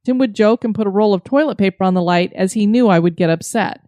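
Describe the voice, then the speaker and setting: A woman co-hosting a podcast, reading stories in a steady, plain manner. Her pitch is in a middle range. The recording is dry and close. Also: fast talker, no echo. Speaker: podcast co-host. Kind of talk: reading listener stories aloud.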